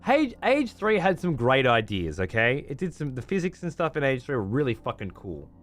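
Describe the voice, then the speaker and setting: A man's voice: mid-range voice, very animated, normal speed, fairly bright tone, soft background music. A man with an Australian accent, hosting a stream in casual, profane chat and laughing often. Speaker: streamer host.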